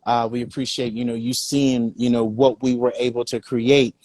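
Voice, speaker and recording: A man's voice: medium pitch, flat delivery, normal speed, darkish tone, no room sound. A man speaking as a business coach, earnest and motivational, with many filler phrases.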